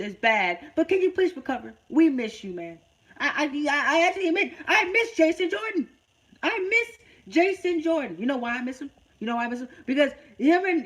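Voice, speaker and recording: A man giving a casual podcast-style wrestling review. He stammers and repeats words often, and he rants in exasperation. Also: extremely high pitch. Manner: ranting, exasperated.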